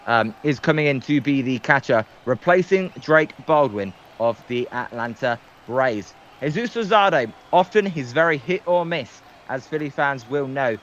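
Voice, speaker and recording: A man's voice: mid-range voice, expressive, moderate pace, hardly any pauses, a bit bright, dull audio, a little hiss or hum. A man calling baseball play-by-play on a livestream, hesitant and full of filler ums. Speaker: guest play-by-play commentator.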